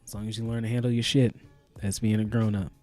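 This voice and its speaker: A man co-hosting a podcast, trading jokes and profane quick asides in casual chat. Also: on the low side, flat delivery, a little mellow, faint music behind. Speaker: podcast co-host.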